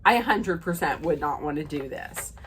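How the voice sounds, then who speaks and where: A woman's voice: low-pitched, lively intonation, normal speed, a bit bright, a little hiss or hum. A woman recapping a reality dating show in a casual, rambling rant, with many fillers and restarts, quoting the cast as she goes. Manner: retells scenes by quoting the cast.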